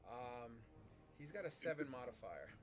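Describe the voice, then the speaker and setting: A man's voice: medium pitch, very animated, moderate pace, over music. A man running a tabletop game as game master, narrating monster turns casually and swearing freely between laughs.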